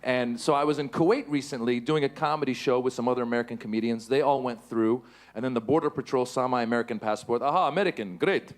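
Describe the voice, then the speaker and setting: A middle-aged man from Iran doing a stand-up routine, animated and breaking into shouted impressions. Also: fast. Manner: animated, jumps to high shouted impressions and cat noises. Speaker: stand-up comedian. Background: audience laughter.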